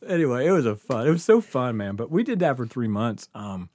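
A man's voice: mid-range voice, very animated, brisk, a little mellow, no room sound, studio quality. A man telling a rambling, laugh-filled story as a podcast guest, swearing freely and stumbling over his words. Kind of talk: casual storytelling.

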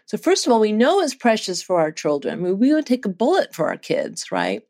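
Animated woman telling a story as a guest. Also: medium pitch, a little fast. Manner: animated, earnest storyteller, laughs often. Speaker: psychology researcher guest. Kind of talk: storytelling in an interview.

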